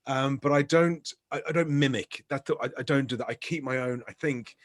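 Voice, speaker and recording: Male coach, conversational, mid-pitched voice, easygoing panel chat. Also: a little fast. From England. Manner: chatty, self-deprecating, lots of restarts. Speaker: business coach.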